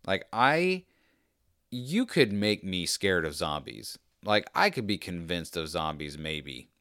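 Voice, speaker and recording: A man's voice: low-pitched, big pitch swings, slow pace, sharp tone, no room sound, studio quality. A man in casual chat, rambling off on tangents with jokey, self-deprecating asides.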